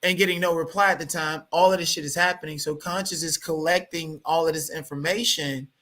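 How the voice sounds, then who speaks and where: Bright-voiced, profane, heated man. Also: fairly high pitch, brisk. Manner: animated, profane, repeats words when worked up. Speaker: guest. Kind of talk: heated livestream interview.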